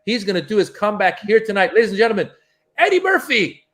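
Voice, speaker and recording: A male comic emcee hyping up a special guest in showman announcer patter, as a man puts him on. The voice sits a little high. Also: very animated, quick pace, fairly bright tone, exaggerated voice.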